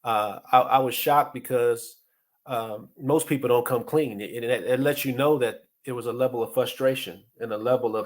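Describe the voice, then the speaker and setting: A man's voice: mid-range voice, moderate pace. A middle-aged man hosting a podcast, giving casual motivational leadership advice in an earnest way, often restarting and repeating words. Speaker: podcast host and leadership coach.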